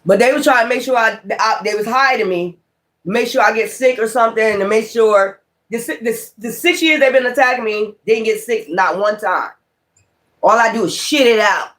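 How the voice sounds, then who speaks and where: Tarot reader, man with a high voice; casual vlog monologue, rambling, profane, emphatic. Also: moderate pace, a bit bright.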